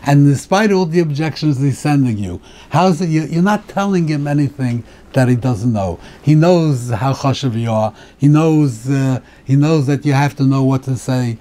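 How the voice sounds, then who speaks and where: A man's voice: mid-range voice, moderate pace, few pauses, dark tone. A male rabbi teaching a Torah class, asking question after question and often repeating and restarting his words.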